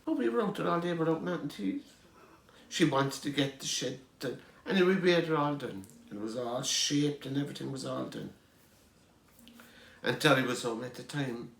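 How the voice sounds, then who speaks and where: Gravelly Irish man telling family stories. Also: medium pitch, moderate pace, a bit bright, roomy sound, a little hiss or hum. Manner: rambling, chuckling anecdotes with restarts. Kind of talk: storytelling.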